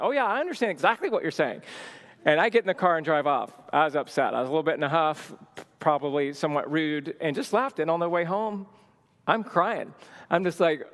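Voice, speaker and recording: A man's voice: fairly high pitch, a bit bright, big-room sound. A man in his thirties telling a personal story at a marriage teaching session, acting out the dialogue with lots of energy. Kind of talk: storytelling talk.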